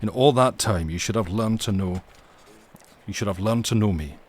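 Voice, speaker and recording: A man's voice: lowish voice, normal speed, natural voice. A man voicing a stern, dour ship captain.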